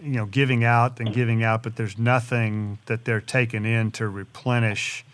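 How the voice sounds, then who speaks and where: A man's voice: mid-range voice, fairly even intonation, moderate pace, a bit bright. A man hosting an interview, circling through restarts and fillers as he builds his questions. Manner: hesitant, many restarts and fillers while framing questions. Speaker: interviewer host.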